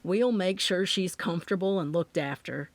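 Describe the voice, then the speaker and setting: A woman's voice: on the low side, moderate pace, no room sound. A woman reading an audiobook, voicing a reassuring father with a wry, muttering manner.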